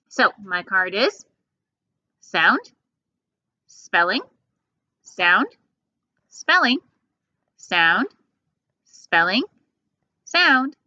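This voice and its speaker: Woman teacher, bright voice, slow careful delivery; phonics drill for kids, dull lo-fi recording. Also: mid-range voice. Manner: slow, patient, drawn-out sounds. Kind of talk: phonics lesson for young children. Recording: dull lo-fi sound.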